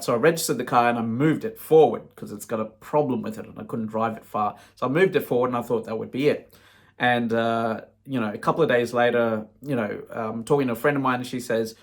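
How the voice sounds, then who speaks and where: A man's voice: mid-range voice, fast talker. Man, casual vlog monologue: frank, rambling, conversational, with a mid-range voice. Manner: frank, rambling, peppered with "you know". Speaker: vlogger.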